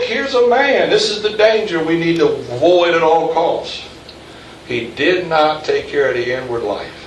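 A pastor in mid-sermon, talking casually and then building to emphatic peaks, throwing questions out to the pews. He is picked up from some distance in an echoey room, with a faint hum of ambience behind him. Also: on the high side. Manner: conversational, rising to emphatic peaks, quizzing the congregation.

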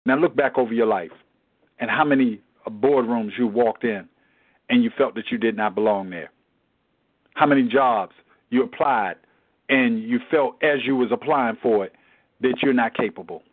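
A man leads a Bible study in a preaching style, emphatic and repetitive in his exhortations. He speaks at normal speed with a medium pitch, and the recording sounds tinny, like a phone.

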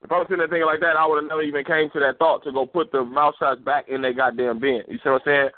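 A man in casual chat, profane and animated, acting out the voices of people in his stories. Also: fairly high pitch, very fast, no echo. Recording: tinny phone-like sound, dry.

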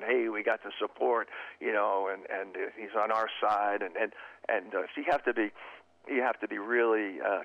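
A man who is a former FBI profiler, speaking as an interview guest in a halting way and often repeating his words. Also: medium pitch, a bit bright, no echo, highs cut off. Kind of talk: casual interview talk.

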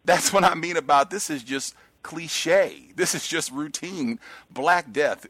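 A man hosting a radio talk show, speaking emphatically and slowing down to stress key words. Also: fairly high pitch, a bit bright, no room sound.

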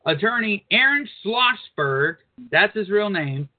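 A man's voice: sits high, expressive, slow. A man co-hosting an uncensored talk radio show, reading news aloud with crude, blunt asides. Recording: phone-like narrow band.

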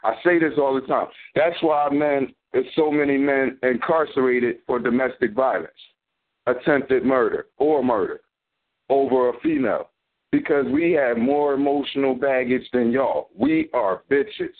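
A man hosting a radio talk show in casual chat, blunt and animated, swearing freely. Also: mid-range voice, a little slow. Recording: phone-like narrow band.

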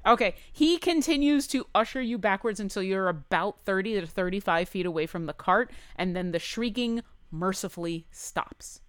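Smooth-voiced woman game master. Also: medium pitch, moderate pace, hardly any pauses, no echo. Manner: descriptive, relaxed, with hesitant fillers. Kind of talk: narrating a tabletop game.

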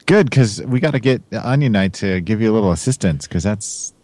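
A man's voice: lowish voice, very animated, normal speed, darkish tone, no echo. A man co-hosting a podcast in playful, casual banter, laughing along with guests. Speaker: podcast co-host.

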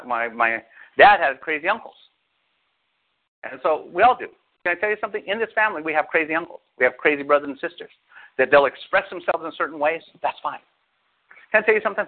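A male pastor preaching a sermon, talking to his congregation with lots of rhetorical questions. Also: fairly high pitch. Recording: phone-like narrow sound.

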